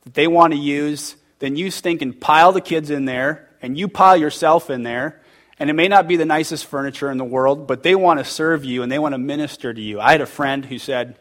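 A man's voice: a little high, fairly quick, fairly bright tone. A man teaching a church group in a casual, interactive sermon, quizzing his listeners and growing emphatic and emotional. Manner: conversational and emphatic, quizzing the audience; gets heated and emotional.

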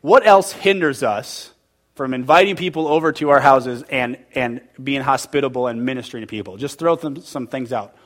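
A man leads a church group in an interactive, conversational sermon, quizzing the room and pressing his points with rising emphasis. His pitch sits in an ordinary middle range at a moderate pace, and he gets heated and emotional at times.

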